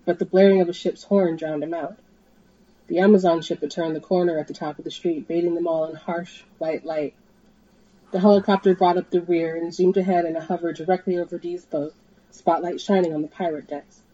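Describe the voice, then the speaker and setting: A woman reading a tense story aloud, her voice rising to shouts in the dramatic scenes. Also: fairly low pitch, fairly even intonation, normal speed, no echo, lo-fi sound. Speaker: podcast host and story reader.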